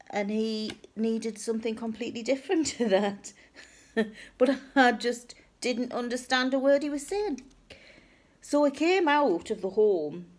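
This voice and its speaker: A woman telling a funny personal story in a casual, self-mocking way. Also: darkish tone. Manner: chatty, self-mocking, acts out her own high cheery replies.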